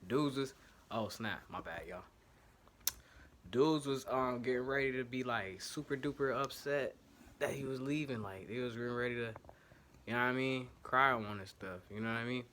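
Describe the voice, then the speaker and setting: A man with a mid-range, fairly bright voice speaks at a moderate pace over a little hiss or hum. As an Ohio-accented sports podcast host, he gives loose, slangy fan commentary in one take at home, apologizing for technical trouble and correcting himself as he goes.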